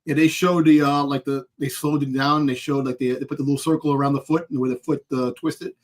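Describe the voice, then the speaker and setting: A man's voice: mid-range voice, level tone, brisk. A man co-hosting a live wrestling chat, rambling and hesitant, often searching for words. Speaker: podcast co-host. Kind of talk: casual live-stream chat.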